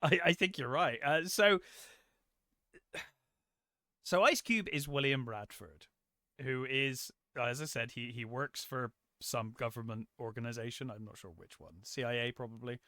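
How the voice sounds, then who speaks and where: A man's voice: medium pitch, measured pace, sharp tone, no room sound, studio quality. A man co-hosting a film review podcast, rambling and sarcastic, swearing freely in casual chat. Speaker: podcast co-host.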